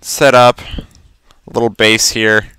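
A man's voice: medium pitch, flat delivery, slow, pushed and bright, smooth, no echo. A man giving casual, rambling commentary while playing a game, talking to himself and stammering when surprised. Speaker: Let's Play commentator.

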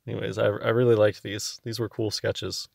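Low-voiced young man, casual musing. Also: little pitch movement, moderate pace, vocal fry, darkish tone, no echo, clean studio sound. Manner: rambling, musing, reads old text aloud. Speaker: video host. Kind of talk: casual commentary on old clippings.

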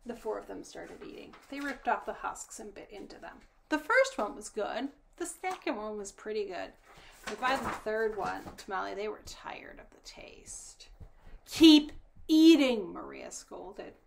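A woman reading a children's storybook aloud, her narration soft and often dropping to a whisper. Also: medium pitch, expressive, normal speed, vocal fry, a little hiss or hum.

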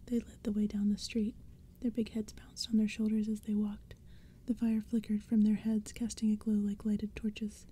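A woman softly whispering a story as an ASMR audiobook reader. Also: medium pitch, monotone, moderate pace, a little hiss or hum. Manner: soft, whispered, gentle.

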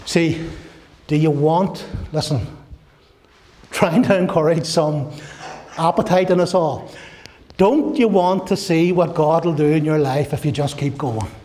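A man's voice: fairly high pitch, measured pace, pauses often, warm tone. A man preaching a sermon as pastor, impassioned, building to fervent repeated declarations and briefly acting out voices of God, Satan and his listeners.

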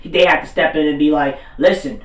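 A man with a somewhat high voice runs through an anime episode in a loose, slangy way, throwing in quick impressions of the characters. He sits back from the mic, so the voice sounds distant. The room around him is echoey. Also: fairly even intonation, fairly bright tone. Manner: loose slangy retelling, acts out characters' lines. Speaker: anime reviewer. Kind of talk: casual episode recap.

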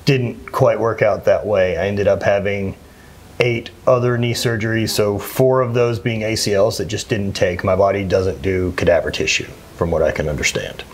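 Husky plainspoken man in his thirties. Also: on the low side, fairly even intonation, moderate pace. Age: 30s. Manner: plainspoken, earnest, with frequent restarts. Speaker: interview guest, former athlete. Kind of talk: candid conversational interview.

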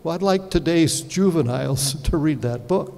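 A man's voice: on the high side, normal speed, vocal fry, mellow. Man lecturing in a reverberant hall. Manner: storytelling with rhetorical questions to the audience. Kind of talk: conference lecture. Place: large hall. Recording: reverberant hall, faint background noise.

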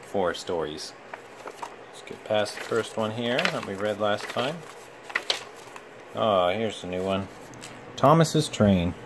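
Reading a children's picture book aloud, a man uses his fairly low voice expressively. His storytelling is gentle and measured, and a faint hum can be heard in the background.

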